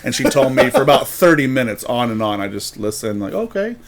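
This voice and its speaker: A man's voice: medium pitch, fairly quick. A man from the United States hosting a podcast, chatting casually and acting out the people he met. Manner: rambling storyteller, quotes people in voices. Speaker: podcast host. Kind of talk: casual chat.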